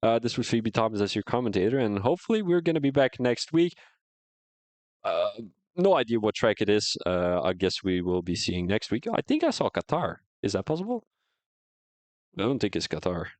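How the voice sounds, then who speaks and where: A man's voice: on the low side, big pitch swings, fairly quick, darkish tone, no room sound. A man commentating a sim racing league, chatting casually at the end of a live stream on a headset mic and answering viewers' comments as he goes. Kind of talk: casual post-race live-stream chat.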